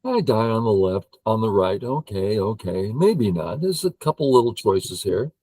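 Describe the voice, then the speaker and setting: An older man who teaches Go, playing a game and thinking aloud in an excitable way while humming and counting under his breath. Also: lowish voice, normal speed, no room sound, poor audio.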